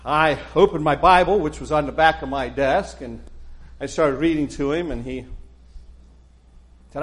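Middle-aged man, preacher, slightly high voice, rambling casual sermon talk, lots of restarts. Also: moderate pace, long pauses. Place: church.

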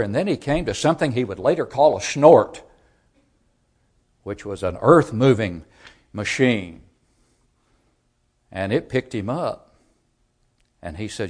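A man's voice: lowish voice, moderate pace. Emphatic man preaching a sermon. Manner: emphatic, rising to loud storytelling peaks. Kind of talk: sermon with storytelling.

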